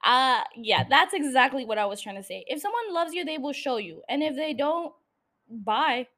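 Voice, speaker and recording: A woman with a high, lively voice rants alone into her podcast microphone. She is blunt and sarcastic and swears freely. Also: moderate pace. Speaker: podcast host. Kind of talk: solo podcast rant. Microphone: studio microphone.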